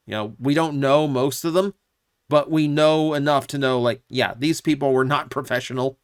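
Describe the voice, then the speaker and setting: A man's voice: mid-range voice, steady tone, normal speed, clean tone, no echo, clean studio sound. A man hosting his own channel, giving casual, opinionated commentary with lots of asides and fillers. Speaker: YouTube channel host.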